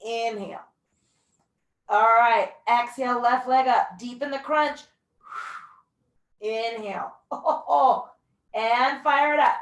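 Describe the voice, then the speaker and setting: A woman's voice: a little high, takes it slowly, long pauses. A young woman leading a mat pilates class, giving breath counts and encouraging cues with the odd whoop. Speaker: pilates instructor. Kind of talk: guided workout instruction. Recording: echoey room, voice from a distance.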